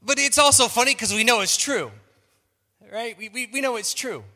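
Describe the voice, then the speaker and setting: Playful male pastor, self-mocking sermon, forceful bright tone, long church reverb. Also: very high-pitched, moderate pace. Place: large church auditorium.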